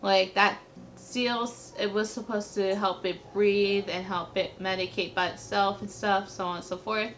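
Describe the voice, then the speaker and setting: A woman's voice: mid-range voice, steady tone, unhurried, a bit bright, a little hiss or hum. A young adult woman vlogger telling a personal story to camera in a casual, chatty way, leaning heavily on "like" as a filler.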